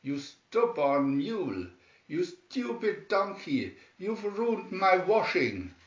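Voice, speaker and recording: A furious, scolding woman neighbor from a storybook, acted by a man reading aloud, her voice pushed up high and sharp with indignation. The reading is slow, with a roomy, slightly dull sound. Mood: indignant.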